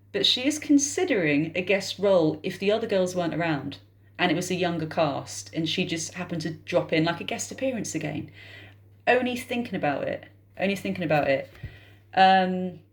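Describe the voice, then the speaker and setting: Chatty British woman reading tarot. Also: lowish voice. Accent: British English. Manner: chatty, thinks aloud, addresses viewers as guys. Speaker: tarot reader. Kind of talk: casual psychic tarot reading to camera.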